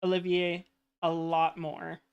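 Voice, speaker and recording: A woman's voice: on the low side, monotone, takes it slowly, clear, resonant tone, lo-fi sound. A woman guest chatting casually on a game stream, hesitant with many ums.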